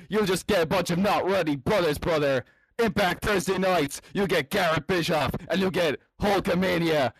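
Man doing a boastful wrestling showman, high voice, catchphrases, brother every line. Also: no echo, poor audio. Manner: loud swaggering catchphrases, calls everyone brother. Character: brash boastful male wrestling showman, impression of a famous wrestler. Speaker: podcast panelist. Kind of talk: comedic impression.

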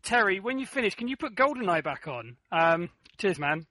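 A man's voice: high-pitched, very animated, normal speed, sharp tone, poor audio. A man hosting a comedic panel quiz show, joking and teasing the panelists as he runs the rounds. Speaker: quiz host.

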